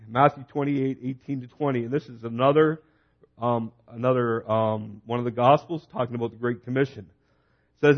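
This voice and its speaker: A man's voice: medium pitch, fairly even intonation, moderate pace, highs cut off. A man preaching a sermon, urging listeners with short, repeated exhortations. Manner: urgent, repetitive exhortations.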